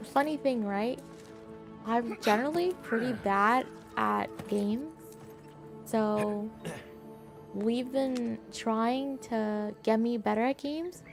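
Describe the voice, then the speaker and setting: A young woman streaming a game live, chatting with viewers in an excitable, playfully indignant way that jumps into squeals. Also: a little high.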